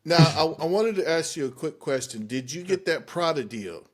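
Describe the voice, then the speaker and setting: A man's voice: on the high side, animated, normal speed. A man hosting a podcast, asking his guest questions in an easygoing way. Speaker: podcast host. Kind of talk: interview questions.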